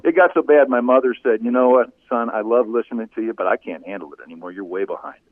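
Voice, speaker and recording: A man and former radio broadcaster telling animated anecdotes in a casual interview. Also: mid-range voice, fast, no echo. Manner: animated anecdotes, voice rising when telling funny moments. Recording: phone-like narrow sound, dry.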